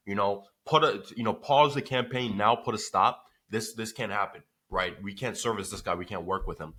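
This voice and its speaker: Bright, forceful man telling a story. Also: fairly low pitch, normal speed, few pauses. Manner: animated, swears freely, lots of filler. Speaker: business owner telling a story. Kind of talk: casual storytelling vlog.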